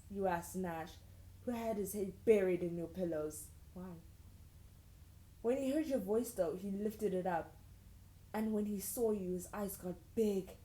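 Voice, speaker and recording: A young woman reads an old fan story aloud at an ordinary pitch and keeps stopping to mock it in a sarcastic, disbelieving tone. Her voice carries a noticeable room echo, as if she is recording in a bare room. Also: dark tone. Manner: sarcastic, incredulous asides between read passages. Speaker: YouTuber. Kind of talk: reading fan fiction aloud with mocking asides. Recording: roomy echoey room.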